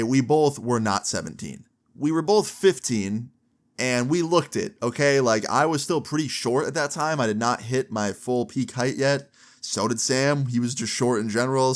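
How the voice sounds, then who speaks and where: A young man recounting a story to camera in a loose, casual way. He swears freely and fills his sentences with "like" and "right?". His voice sits at an ordinary middle pitch. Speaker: storytime vlogger.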